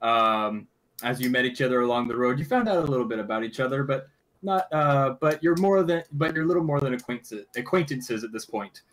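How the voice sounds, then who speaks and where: A man narrating a tabletop game as game master, halting with frequent fillers and restarts. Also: mid-range voice, lively intonation, a bit bright. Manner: halting, many fillers and restarts while recapping.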